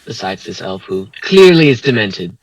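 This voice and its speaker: A man's voice: lowish voice, big pitch swings, normal speed, no room sound, dull audio. Man speaking in character at a game table. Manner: speaks in character with stilted formal phrasing. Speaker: player. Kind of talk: playing a hobbit in a tabletop game.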